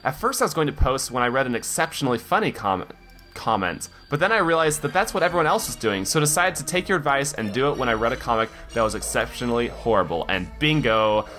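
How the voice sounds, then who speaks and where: A man's voice: fast talker, soft background music. A man co-hosting a podcast, reading listener comments aloud in a mock-dramatic voice and joking casually. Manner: animated, reads in a mock-dramatic low voice. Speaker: podcast co-host.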